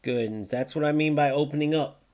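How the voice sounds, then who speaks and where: Excitable young man streaming football game. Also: fairly high pitch, a little fast. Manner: excitable, swears often, reacts loudly to plays; chats with live viewers by name. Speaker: gaming streamer. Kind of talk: live gameplay commentary.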